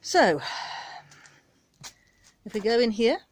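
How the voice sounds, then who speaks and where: Outdoors in her back garden, a British woman who vlogs about gardening talks casually to her handheld phone, meandering and unpretentious. She speaks slowly in a fairly high voice with big pitch swings, against slight background noise.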